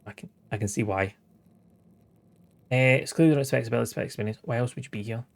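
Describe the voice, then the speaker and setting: A man's voice: mid-range voice, fast talker, vocal fry. Wry sweary man gaming. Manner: sweary, wry, chuckling asides. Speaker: streamer. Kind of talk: casual let's-play commentary, reading game dialogue aloud.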